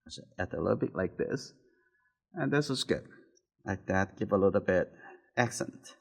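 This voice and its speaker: Soft-spoken man teaching painting. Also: mid-range voice. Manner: soft-spoken, talks while painting, nonnative phrasing. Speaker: art teacher. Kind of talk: painting demonstration.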